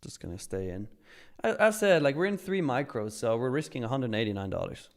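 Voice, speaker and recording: His medium-pitched voice is sing-song and fairly quick. He's a Swiss man running a live trading stream, cheerfully chatting, reading messages from chat, and getting pumped about milestones.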